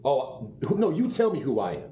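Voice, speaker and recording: Smug, stubborn man in a comedy skit, mellow lively voice, roomy recording with faint ambience. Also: mid-range voice, brisk. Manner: calm, smug, repeating himself.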